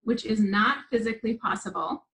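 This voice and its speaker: A woman's voice: fairly high pitch, normal speed, fairly bright tone, rough recording. A woman guest telling a personal story in an interview, earnest and vivid, with frequent restarts. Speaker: guest, spiritual teacher.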